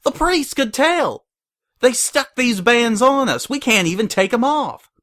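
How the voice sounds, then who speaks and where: A man's voice: very high-pitched, lively intonation, measured pace, a bit bright, pitched above the performer's own voice, heavily acted. A man voicing an earnest country mare pony who protests in distress.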